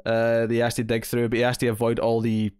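A man's voice: medium pitch, monotone, fast talker, darkish tone, smooth, dry recording, clean studio sound. A man co-hosting a podcast, chatting casually about TV episodes, rambling with fillers and quoted asides. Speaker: podcast co-host. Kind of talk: casual TV review chat.

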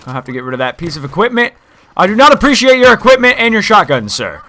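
A young man giving excitable gameplay commentary from home, yelping and switching into mock-formal sarcasm. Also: high-pitched, fast. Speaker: gaming YouTuber.

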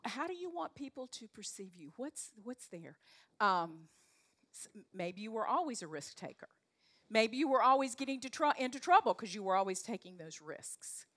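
An older Southern woman from North Carolina speaks in a fairly high, fairly bright voice that is very animated and at normal speed. She's a leadership coach giving a motivational talk to a live audience in an event room, chatty, direct and folksy with lots of fillers.

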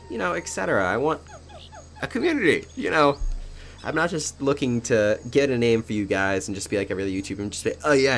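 A young man talking casually over his gameplay as a channel host, rambling with many fillers and little laughs, in a fairly monotone way. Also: medium pitch, slight background noise. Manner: rambling, chatty, frequent fillers and small laughs; admits to a somewhat monotone delivery.

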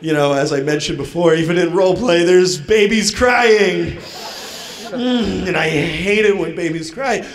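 On stage in a convention hall, a male stand-up comedian tells a comic story in a high-pitched voice, speaking a little slowly. He acts out chat-room lines in different voices, and the live recording picks up the crowd's laughter throughout.

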